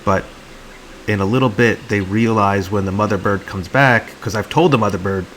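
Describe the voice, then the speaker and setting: A channel host narrates a comedy video in a mock-serious, earnest tone, voicing the birds he films. His voice is on the low side with fairly even intonation, a normal pace, and a fairly bright tone, in a rough recording with slight background noise.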